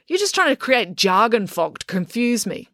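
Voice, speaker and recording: A woman puts on a defiant schoolgirl with a sharp, sarcastic tongue. Her bright voice bounces up and down as she argues back, recorded close and dry. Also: a little high, big pitch swings, normal speed, dry recording, voice pushed up. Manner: argumentative, sardonic.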